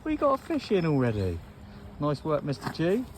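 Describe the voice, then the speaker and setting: A man chatting casually as he vlogs a fishing trip, joking around in a relaxed way. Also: on the high side, normal speed. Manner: chatty, jokey, laid-back. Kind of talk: casual vlog chat. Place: outdoors and in a car. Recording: lo-fi with noise.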